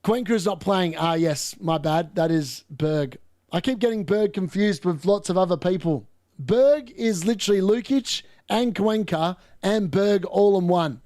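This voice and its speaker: A man hosting a live football watchalong, commenting on play and ranting opinions, getting excitable and yelling at chances. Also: high voice, measured pace, no room sound, clean studio sound. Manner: excitable, yells at chances on screen. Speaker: host of a fantasy football watchalong.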